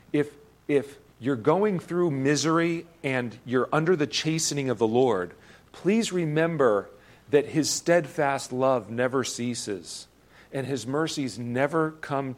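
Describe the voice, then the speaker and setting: A man preaching a sermon, earnest and emphatic, often repeating words as he presses a point. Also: medium pitch. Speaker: pastor.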